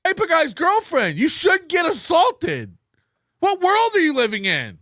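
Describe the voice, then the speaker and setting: A man's voice: very high voice, huge pitch swings, a little slow, bright, forceful tone, no echo. A man in a played clip, ranting angrily and repeating himself. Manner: angry, repetitive ranting.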